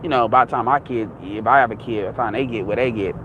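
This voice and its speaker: A man's voice: mid-range voice, fast, phone-quality sound, slight background noise. A young man ranting in a casual, heated, rambling monologue, swearing often.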